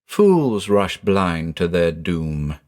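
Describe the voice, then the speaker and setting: A man reading the part of a stern, somber old woman with a deep, powerful voice and archaic speech. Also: expressive, slow.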